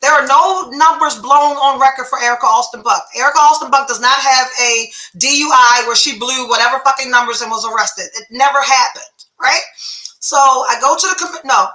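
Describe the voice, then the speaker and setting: A woman's voice: high voice, a little fast, pushed and bright, roomy sound, poor audio. A middle-aged woman, a podcast host candidly retelling a personal story, full of profanity and quoted dialogue.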